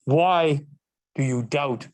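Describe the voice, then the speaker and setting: A man voicing the ghost of a dead old businessman, drawn out and raised in pitch. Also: dry recording. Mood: ghostly. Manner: slow, drawn-out spooky delivery.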